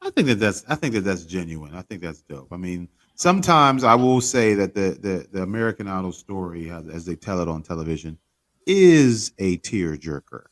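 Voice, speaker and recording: A man on a panel discussion, speaking in a reflective, measured way. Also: low-pitched, very animated, no echo. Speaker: panel guest.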